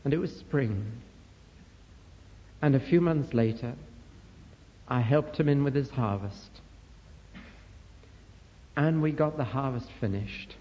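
A man preaching a sermon, telling stories that build to fervent emphasis. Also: mid-range voice. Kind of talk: sermon storytelling. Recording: lo-fi recording in a reverberant hall.

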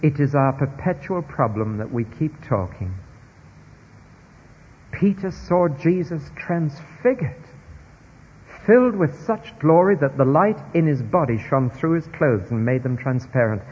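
Delivering a sermon, a man with a slightly high, husky voice moves between hushed stretches and emphatic ones at a measured pace. The dull recording carries long reverb, as from a church or large hall.

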